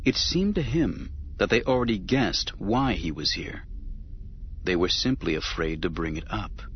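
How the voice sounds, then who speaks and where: A man narrating an audiobook in a measured storytelling manner. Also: low voice, lively intonation, breathy edge, lo-fi sound.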